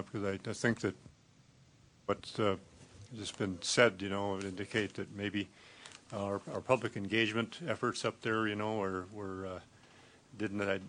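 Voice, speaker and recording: A man on a commission speaking up in a meeting, halting and full of fillers and restarts. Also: lowish voice, a bit bright. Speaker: commission member. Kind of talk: meeting discussion.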